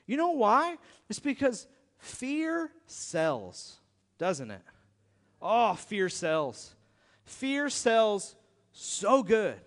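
A pastor delivering a conversational, animated sermon, often acting out voices of the people and figures he quotes. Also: high voice, extremely slow, long reverb tail.

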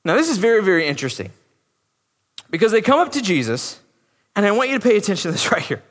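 A man preaching a sermon in a church, animated and talking through rhetorical questions, often acting out the people he talks about. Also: high voice, fast. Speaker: pastor. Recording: long reverb of a big hall.

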